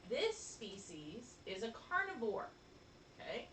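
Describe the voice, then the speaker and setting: A woman co-hosting a casual chat, animated and laughing often. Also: fairly high pitch, slow pace, echoey room, distant mic, a little hiss or hum. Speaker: podcast co-host.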